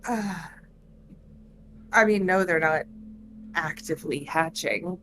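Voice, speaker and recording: A woman playing a tabletop game, talking in a hesitant, halting way as she works out her moves. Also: fairly low pitch, noisy background. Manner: hesitant, halting, full of restarts. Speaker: player. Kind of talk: tabletop game play, casual.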